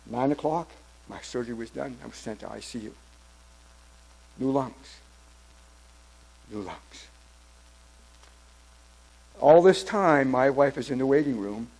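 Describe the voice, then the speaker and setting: A man in his seventies telling his personal testimony at church, in a halting storytelling way with many restarts. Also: mid-range voice, creaky, a little mellow, rough recording. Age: 70s. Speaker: church member giving testimony.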